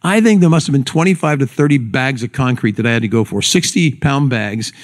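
A pastor preaches to his congregation, opening with a folksy story before slowing down and dropping his voice low and quiet for the solemn points.

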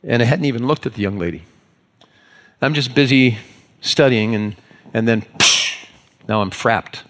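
A man's voice: medium pitch, moderate pace. A man preaching as a pastor, telling a self-mocking everyday story in a folksy, conversational way. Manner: folksy, self-mocking anecdote with acted-out voices. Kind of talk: storytelling sermon.

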